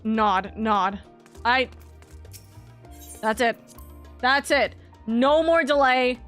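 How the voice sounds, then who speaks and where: A woman game streamer in casual live-stream chatter, excitable and profane, laughing often. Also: a little high, extremely slow, soft background music.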